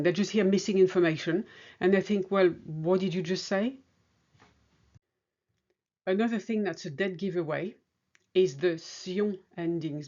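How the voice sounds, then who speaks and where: A woman giving a scripted lesson on pronunciation, modelling each sound clearly and deliberately. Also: lowish voice, a little mellow, highs cut off. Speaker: French teacher.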